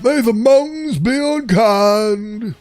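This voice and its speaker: A man voicing a gruff, wheezing male foreman spectre with a hearty, barking, drawn-out delivery. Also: very high voice, darkish tone, soft background music, pitched above the performer's own voice. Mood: scornful.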